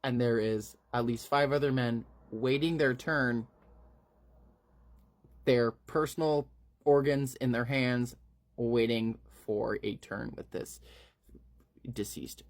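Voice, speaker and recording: A man retells a gruesome horror story in a loose, chatty way, scattering fillers and asides. His voice sits in an ordinary middle pitch. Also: takes it slowly, long pauses. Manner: casual, filler-laden, graphic.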